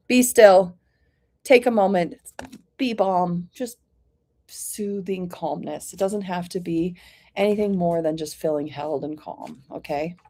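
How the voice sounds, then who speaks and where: Gentle woman reading oracle cards live. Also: medium pitch. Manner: gentle, reassuring, clears throat often; chatty, addresses viewers by name. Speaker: oracle card reader. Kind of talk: live-streamed card reading.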